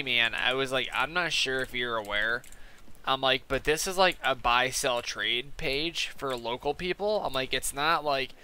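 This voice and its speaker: A man's voice: medium pitch, sharp tone, clean tone. A man gaming on stream, telling a long rambling story in casual, profane talk and repeating "I'm like" between quoted lines. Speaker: gaming YouTuber.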